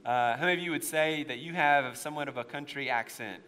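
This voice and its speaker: A pastor with a faint East Tennessee accent preaching a sermon, swinging into loud, impassioned stretches when he stresses a point. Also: medium pitch, fast. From United States. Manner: impassioned preaching, rising to near-shouts at emotional peaks. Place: church sanctuary. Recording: long hall reverb.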